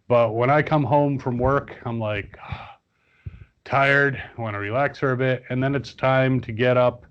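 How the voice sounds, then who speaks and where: A man's voice: medium pitch, fairly even intonation, a little slow, lo-fi sound, slight background noise. A man chatting casually as a guest on a podcast, rambling with many fillers and restarts. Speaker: guest toy reviewer.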